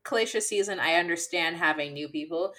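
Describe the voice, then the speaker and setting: A woman's voice: fairly low pitch, brisk, sharp tone. A woman co-hosting a podcast, chatting casually and expressively, acting out what people said and swearing now and then. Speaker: podcast co-host. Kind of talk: casual chat.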